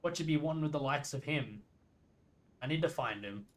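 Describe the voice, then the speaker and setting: A man's voice: fairly high pitch, brisk, lightly acted, rough recording. A man reading out a sly grumpy old midwife. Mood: disgusted. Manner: folksy archaic talk, reads lines aloud. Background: game music.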